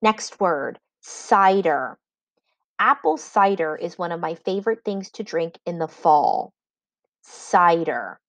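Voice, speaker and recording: A woman teacher giving a spelling lesson, dictating words slowly and patiently with clear enunciation. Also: lowish voice, lively intonation, no room sound, poor audio.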